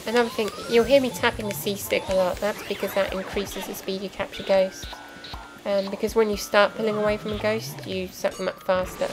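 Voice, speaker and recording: A young woman explains a game as she plays, chatty and full of asides and filler ums. Her voice sits at an ordinary middle pitch for a woman. Game music plays clearly behind her the whole time. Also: level tone, fairly quick, poor audio. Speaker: let's play commentator. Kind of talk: casual gameplay commentary.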